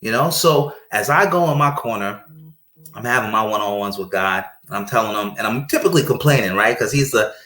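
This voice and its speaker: A man talking casually about marriage and faith, telling stories and acting out quoted speech with lively energy. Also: fairly low pitch, a little fast. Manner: animated storyteller, acts out quoted speech. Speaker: guest speaker on marriage. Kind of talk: casual conversational preaching. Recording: roomy echo.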